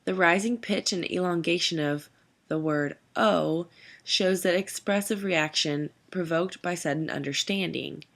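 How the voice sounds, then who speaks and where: A woman giving a scripted educational narration as an instructor, reading out lists of terms in a measured way. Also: fairly low pitch, vocal fry.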